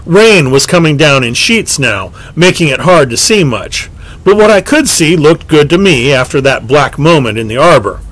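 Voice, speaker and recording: In a rough recording, a man working as an audiobook narrator reads a scripted story at a moderate pace. His delivery is lively and expressive, with a fairly high male voice that rises and falls widely within each sentence.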